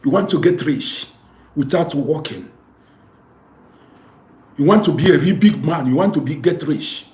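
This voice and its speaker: A man's voice: a little high, unhurried, long pauses, darkish tone, reverberant. A man giving a preachy, scolding moral monologue to camera as a social commentator.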